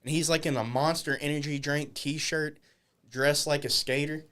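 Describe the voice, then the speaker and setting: A man's voice: a little high, fairly even intonation, moderate pace, bright, forceful tone. A man guest on a podcast, telling wrestling stories with lots of profanity. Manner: profane, acts out quoted voices. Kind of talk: animated storytelling. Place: podcast studio.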